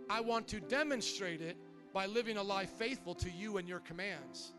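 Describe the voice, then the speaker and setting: A man's voice: high voice, normal speed. A male pastor in his thirties preaching a sermon in a church, with impassioned, rising prayer and near tears. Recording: music playing under the voice.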